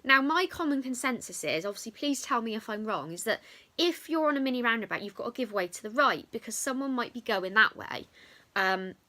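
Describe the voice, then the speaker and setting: Talking a little fast in a voice on the high side, this young vlogger from England gives a chatty storytime to her camera. The retelling is animated and heavy on fillers.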